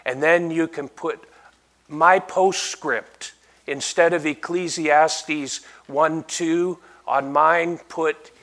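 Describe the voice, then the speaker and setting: A man preaching a sermon with a fairly high voice and an unhurried, deliberate pace. He keeps turning to the congregation with rhetorical questions and swells to loud, emphatic peaks on key points. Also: steady tone.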